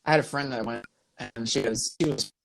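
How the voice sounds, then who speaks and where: A man's voice: medium pitch, fairly quick, gravelly, a little hiss or hum. A young man co-hosting a podcast in casual comedic chat, laughing often. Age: young adult. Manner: animated, laughs often, acts out silly voices. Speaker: podcast co-host.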